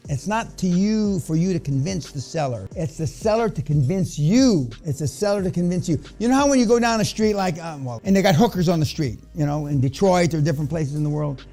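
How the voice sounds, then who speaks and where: A man holds forth before a seminar room, blunt, crude and provocative as he rambles from point to point. His voice sits rather high for a man, and faint music runs underneath. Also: gravelly, a little mellow. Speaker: business seminar speaker. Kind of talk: profane seminar lecture to a room.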